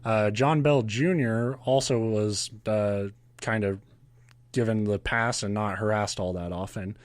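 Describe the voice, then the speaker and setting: A man's voice: fairly low pitch, fairly even intonation, measured pace, no echo. A man hosting a podcast, retelling a ghost legend in casual chat with a sarcastic, profane manner and frequent laughs. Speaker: podcast host.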